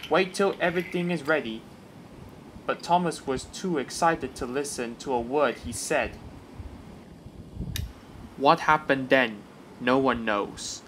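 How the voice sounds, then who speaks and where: A man's voice: medium pitch, pushed and bright, a little hiss or hum, poor audio. A man reading a children's railway story aloud as the narrator.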